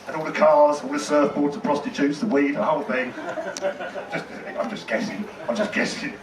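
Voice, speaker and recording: A man's voice: a little high, steady tone, fairly quick. A man doing a rambling, conversational stand-up set, with a lot of swearing, in a tent in a car park. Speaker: stand-up comedian. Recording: echoey tent, distant mic, noisy.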